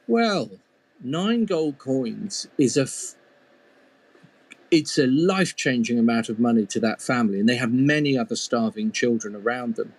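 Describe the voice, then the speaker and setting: A man's voice: mid-range voice, lively intonation, normal speed, darkish tone, no room sound. A man storyteller telling an old fairy tale in a conversational way, with playful asides to the listener. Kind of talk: oral storytelling.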